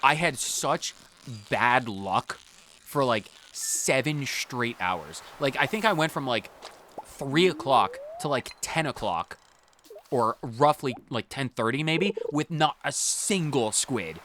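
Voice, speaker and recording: A man hosting a let's play, giving rambling, animated commentary and often repeating himself. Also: mid-range voice, takes it slowly, slight background noise. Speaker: gaming channel host.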